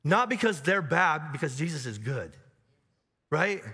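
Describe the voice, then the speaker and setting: A man preaching a sermon as pastor, in a conversational, animated way with frequent restarts and asides. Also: a little high, measured pace, breathy edge. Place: large church auditorium. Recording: long hall reverb from live church.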